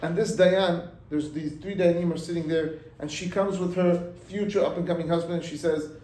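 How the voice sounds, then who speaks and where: Animated high-voiced rabbi telling a story. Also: male voice, moderate pace, echoey room, poor audio. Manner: mixes in Hebrew and Yiddish words. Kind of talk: storytelling sermon.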